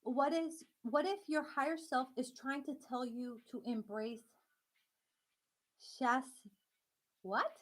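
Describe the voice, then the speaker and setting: Woman, high voice, casual live-stream host, chatty, laughs often, talks to viewers. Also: slow, long pauses. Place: home.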